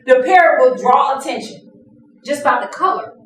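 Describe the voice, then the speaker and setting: Lively lady running a workshop, kinda high voice, echoey room, mic far away. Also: moderate pace, a little hiss or hum. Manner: lively, playful, acts out examples. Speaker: workshop trainer. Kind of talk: interactive classroom lesson.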